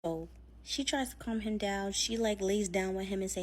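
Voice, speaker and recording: A woman's voice: mid-range voice, moderate pace, darkish tone. A woman telling a scary story in a chatty, casual way, full of fillers, acting out what people said. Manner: chatty, filler-heavy, acts out quotes.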